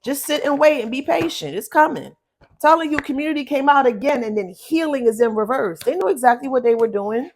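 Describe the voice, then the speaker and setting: A woman's voice: high-pitched, lively intonation, a little fast. A woman giving a spoken tarot reading to her viewers, blunt and emphatic, repeating words and swearing for stress. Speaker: tarot reader.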